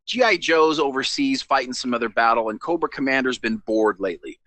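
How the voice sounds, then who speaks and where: A man with a bright voice co-hosting a casual comedy show. He tells game matchups with a lively, swinging melody, teases his partner and keeps things moving. The recording is dry and close. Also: mid-range voice, a little fast, no room sound. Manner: animated storyteller, teasing, moves the show along. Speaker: co-host.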